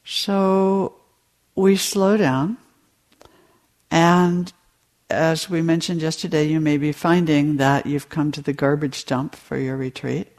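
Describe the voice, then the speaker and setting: A woman meditation teacher giving a dharma talk to retreat participants, in a slow, storytelling delivery. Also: low-pitched, fairly even intonation, a little mellow.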